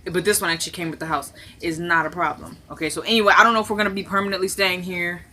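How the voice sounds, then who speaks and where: A woman's voice: on the low side, fairly even intonation, racing, pushed and bright, a little hiss or hum. A woman chatting casually into her phone camera in her living room, recapping a TV episode and acting out the characters' lines. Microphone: phone camera propped on something.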